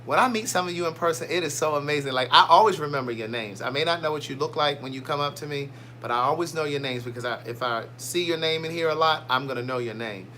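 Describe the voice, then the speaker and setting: A playful, chatty man, talking casually on a livestream. His voice is high and bright, and a faint hum runs under it. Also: fast talker, hardly any pauses. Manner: chatty, reads out viewer comments, playful. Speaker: livestream host.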